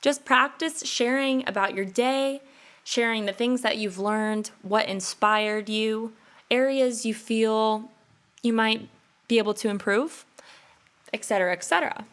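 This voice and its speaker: A woman's voice: on the high side, a little slow, a bit bright. A woman in her twenties hosting her own podcast, talking straight to the listener in an earnest, coaching way. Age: 20s. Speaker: podcast host. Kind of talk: solo advice podcast monologue.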